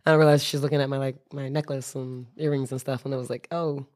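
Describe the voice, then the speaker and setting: Animated young woman telling a story. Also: extremely low pitch, quick pace. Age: young adult. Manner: animated, self-correcting, often laughing. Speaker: storyteller in a conversation. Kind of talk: casual anecdote telling.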